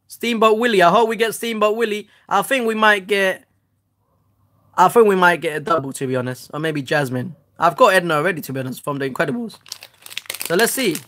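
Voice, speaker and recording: A woman hosting a casual home unboxing vlog, chatty and excitable, who swears loudly when let down. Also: fairly low pitch, a little fast. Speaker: host.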